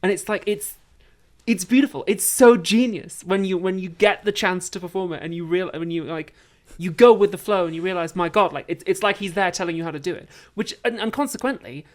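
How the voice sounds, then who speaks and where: A woman talking as a guest in a casual chat, animated and enthusiastic when explaining acting and verse. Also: lowish voice, a little fast. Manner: animated, enthusiastic about theatre.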